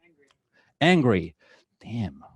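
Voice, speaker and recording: A man with a Mexican accent gives a casual live drawing demonstration to an audience in an event hall, joking often and saying "uh" a lot. His medium-pitched voice is sing-song and slightly rough, he speaks slowly, and there's no room sound.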